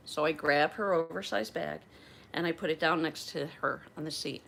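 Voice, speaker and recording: Lowish-voiced woman host from outside Philadelphia, casual and animated storyteller. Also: moderate pace, vocal fry. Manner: animated, acts out the dialogue. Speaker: flight attendant and channel host.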